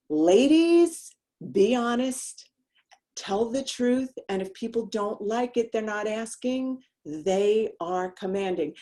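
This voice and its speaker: A woman's voice: medium pitch, darkish tone. A woman coach gives a motivational talk aimed at women. She speaks emphatically and directly, dropping in casual slang as she presses her point. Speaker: women's life coach, host.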